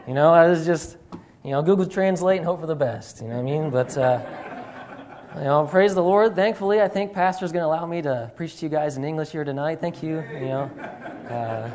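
A young man guest-preaching a sermon in a church sanctuary speaks in a slightly high, slightly mellow voice. He's chatty and self-deprecating, with plenty of fillers.

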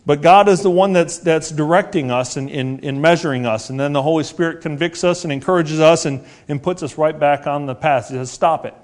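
A man in his forties preaching a sermon, earnest and repetitive, asking rhetorical questions and slowing down to stress key words. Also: on the high side.

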